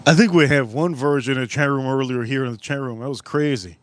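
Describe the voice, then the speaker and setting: A man hosting a live cooking stream outdoors at a grill, talking in a casual, profane way with sudden loud exclamations. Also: mid-range voice, quick pace, slight background noise.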